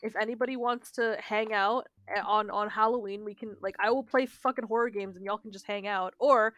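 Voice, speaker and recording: A woman co-hosting a podcast, telling a story in a casual, animated way and swearing freely. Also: mid-range voice, brisk. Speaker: podcast co-host. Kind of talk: casual chat.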